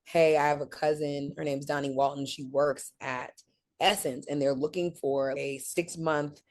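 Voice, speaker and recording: A woman with a deep, slightly slow voice is a guest in a casual interview. She tells her career story animatedly, acting out the people she quotes.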